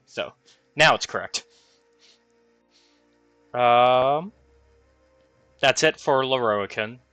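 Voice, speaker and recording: A man's voice: mid-range voice, drawn-out words, bright, forceful tone, clean tone, no room sound, faint music behind. A man running a tabletop game as dungeon master, thinking aloud over the rules with fillers.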